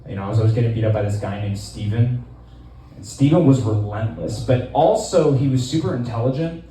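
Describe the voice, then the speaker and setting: A man in his twenties doing a stand-up set in a small club, deadpan and rambling, with lots of fillers. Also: mid-range voice, fairly quick, very echoey, far from the mic, a little hiss or hum, rough recording. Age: 20s. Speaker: stand-up comedian.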